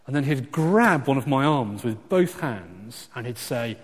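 Male preacher, mid-pitched, animated delivery with restarts, long hall echo. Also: a little slow, husky. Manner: animated and emphatic, swinging between loud exclamations and quiet asides; frequent restarts and stumbles. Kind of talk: sermon.

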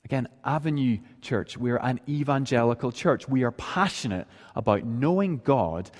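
A man's voice: mid-range voice, lively intonation, moderate pace, a little mellow. Man preaching in a reverberant church hall. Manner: earnest, explanatory preaching with rhetorical questions. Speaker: pastor. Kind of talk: sermon. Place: church sanctuary. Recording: long reverb of a large hall.

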